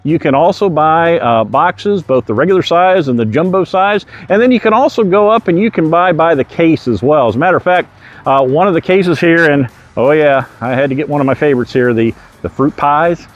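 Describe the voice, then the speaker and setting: A man's voice: a little high, expressive, brisk, muffled recording. An older man, a real estate agent, narrating a casual video tour in a folksy, chatty way outside a bakery. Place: outdoors in front of a bakery.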